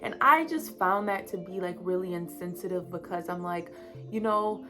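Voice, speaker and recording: A woman's voice: on the low side, normal speed, over music. Chatty young woman telling a personal story. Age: 20s. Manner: candid, chatty, many fillers and asides. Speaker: vlogger.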